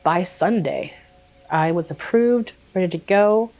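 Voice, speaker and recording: A young woman vlogger telling a personal story in a casual way, animated and swearing freely, acting out quotes. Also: fairly low pitch, measured pace.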